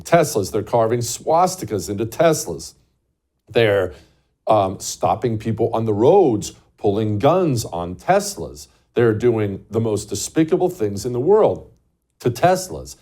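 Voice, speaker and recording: A man's voice: fairly low pitch, dark tone. A man hosting a talk show, delivering an emphatic, scornful political monologue and repeating words for stress.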